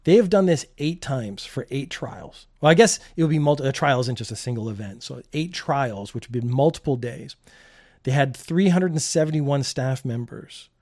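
A man's voice: mid-range voice, moderate pace, a little mellow. Wry middle-aged man riffing on news. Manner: wry, sarcastic, chuckles at own jokes. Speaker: news show host. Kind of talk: comedic news commentary.

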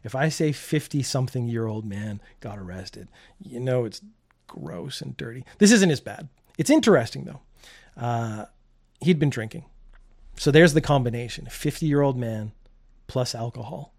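A man's voice: medium pitch, animated, moderate pace, vocal fry, a little mellow. A middle-aged man hosting a comedic news commentary show, delivering stories in a wry, sarcastic way and chuckling at his own jokes.

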